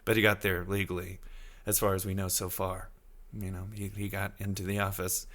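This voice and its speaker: A man in his thirties hosting a casual solo podcast, rambling loosely and reacting to his chat, now and then slipping into high silly voices to quote people. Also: completely flat delivery, brisk, fairly bright tone. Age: 30s. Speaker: podcast host.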